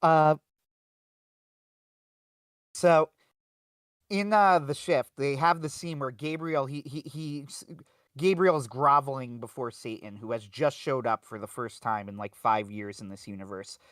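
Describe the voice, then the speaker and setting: A man recapping a film on a casual livestream, animated and full of "uh"s and quick restarts. His voice sits at an ordinary middle pitch. The sound is close and dry, with no room echo. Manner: animated retelling with frequent fillers and restarts. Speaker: podcast co-host.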